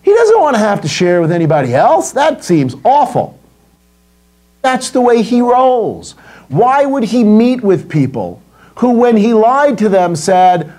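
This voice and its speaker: A middle-aged American man hosts a political commentary rant. His voice sits high for a man and swings widely in pitch. He sounds indignant, sarcastic and openly profane. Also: very animated, a little slow, a little mellow. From United States.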